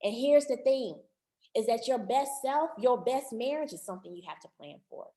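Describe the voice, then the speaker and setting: Woman, marriage counselor, higher voice, animated, repeats words, online workshop, echoey room. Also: moderate pace. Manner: addresses listeners as family.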